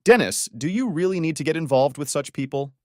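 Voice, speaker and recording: A man voicing a gentle, curious young girl in a recap story. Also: a little high, lively intonation, a little fast, no room sound, clean studio sound, pitched above the performer's own voice, natural voice.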